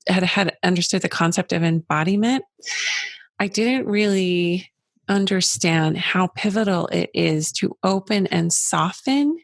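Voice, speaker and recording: A woman in her forties hosting a casual interview, chatty and quick with asides and laughter. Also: lowish voice, vocal fry, no room sound. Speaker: podcast host.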